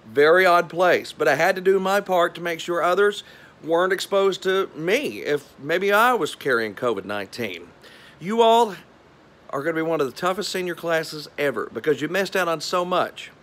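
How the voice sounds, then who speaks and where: A man's voice: a little high, lively intonation, moderate pace, fairly bright tone. A television meteorologist with a Southern drawl gives a folksy, joking video message from his home garage.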